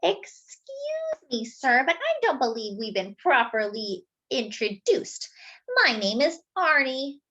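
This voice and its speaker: A woman voicing a fussy, dramatic little male doughnut that talks in a prim, indignant way. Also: big pitch swings. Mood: sweetly sly. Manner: prim, indignant, high and slow. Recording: dull lo-fi sound.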